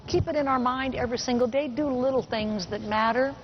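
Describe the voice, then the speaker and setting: A middle-aged woman giving a motivational keynote speech to a business audience, telling a personal story and slowing down to stress key points. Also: sits high. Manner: personal storytelling, slows down for emphasis. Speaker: motivational speaker. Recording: muffled recording with faint hiss.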